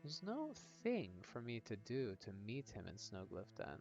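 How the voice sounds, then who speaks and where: Man, live streamer, hesitant chatty narration, middle pitch, lo-fi sound, faint background music. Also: wildly swooping pitch, a little slow, a little mellow. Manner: hesitant, lots of ums, chatty with viewers. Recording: dull lo-fi audio with faint game music.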